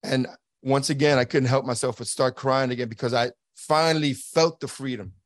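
A man's voice: medium pitch, fairly even intonation, moderate pace, no room sound. Earnest man telling a story, dry sound. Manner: earnest, acts out quoted dialogue; repeats and restarts words. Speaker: guest, former border agent. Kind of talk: conversational storytelling.

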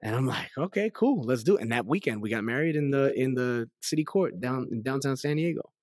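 A man's voice: mid-range voice, brisk, no echo, clean studio sound. A man in his thirties telling his life story as a guest in a casual interview, chatty, with lots of fillers and acted-out quotes. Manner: chatty, many fillers, lively quoted dialogue. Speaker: guest giving testimony.

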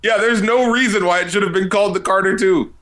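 A man's voice: high voice, quick pace, a bit bright. A man in a casual podcast chat, laughing often and talking with lots of fillers.

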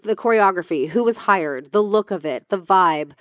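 A woman talking loosely in a casual chat, her thoughts running on with fillers and restarts. Her voice sits at a middle pitch for a woman. The sound is dry and close, with no room around it. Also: expressive, normal speed, a bit bright, no echo. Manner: chatty, many fillers and restarts.

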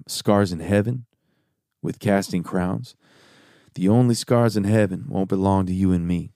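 Upbeat low-voiced male podcast host. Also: creaky, dark tone, dry recording, clean studio sound. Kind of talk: casual podcast talk.

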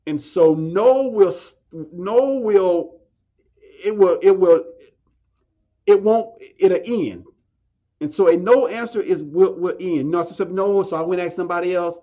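A man, a podcast guest telling a story in a casual interview, animated, stammering and restarting, acting out quoted voices. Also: sits high, normal speed. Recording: dull lo-fi sound, faint music.

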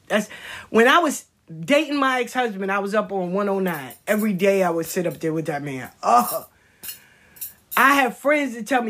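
A woman's voice: fairly high pitch, very animated, moderate pace, a bit bright. Blunt, profane woman on a livestream. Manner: blunt, profane, preachy storytelling. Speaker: spiritual content creator. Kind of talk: casual livestream monologue.

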